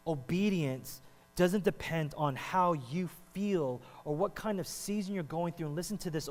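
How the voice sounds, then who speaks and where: A man preaching a sermon as pastor, animated and conversational, often checking in with the congregation. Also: on the high side. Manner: animated, talks to the congregation with frequent "right?". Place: church hall. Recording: reverberant hall with mains hum.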